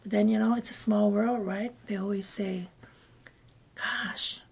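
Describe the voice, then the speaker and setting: A woman guest telling a personal story in conversation, rambling and often dropping into breathy half-whispered asides. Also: medium pitch, steady tone, measured pace, a little mellow. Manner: meandering, with many fillers and restarts. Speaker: interview guest.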